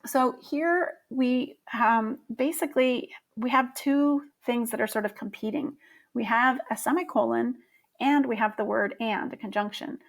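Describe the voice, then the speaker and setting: Woman teaching grammar, somewhat high voice. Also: measured pace. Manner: friendly and explanatory, with many fillers. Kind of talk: grammar lesson.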